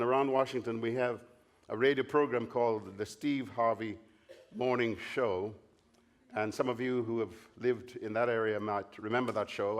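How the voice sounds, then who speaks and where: A man preaching a Bible study at a camp meeting, telling stories and acting out the dialogue in them. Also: medium pitch. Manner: storytelling, acts out dialogue in different voices. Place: large meeting hall or tent.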